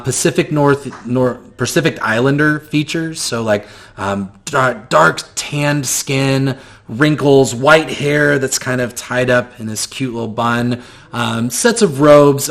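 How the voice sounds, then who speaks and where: A man narrates a tabletop game as game master at a slow pace. He pauses often with ums. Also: medium pitch, creaky, fairly bright tone. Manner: hesitant, many ums.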